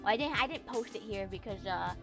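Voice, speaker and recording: A young woman streamer chatting casually on stream, animated and profane, rambling with lots of fillers. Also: mid-range voice, fairly quick, vocal fry, over music. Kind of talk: casual livestream chat.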